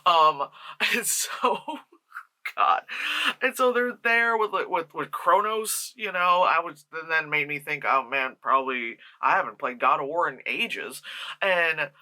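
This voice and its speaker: A reviewer from the New York tri-state area rambles through a film plot with a bright, sharp-edged voice. The delivery is loose and profane, full of quick mock voices for the characters. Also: mid-range voice, expressive. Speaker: movie reviewer.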